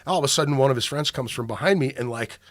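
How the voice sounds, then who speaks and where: A man's voice: mid-range voice, racing. A man hosting a podcast, telling a long profane story in casual chat. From Minnesota. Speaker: podcast host.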